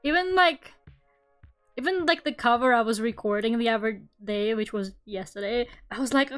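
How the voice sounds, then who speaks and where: A woman's voice: a little high, moderate pace, fairly bright tone, faint music behind. A young woman with a Russian accent, a native Russian speaker, chatting casually while she draws on stream. She rambles, laughs a lot and fills her talk with "like" and "I don't know". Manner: rambling, laughs often, lots of fillers.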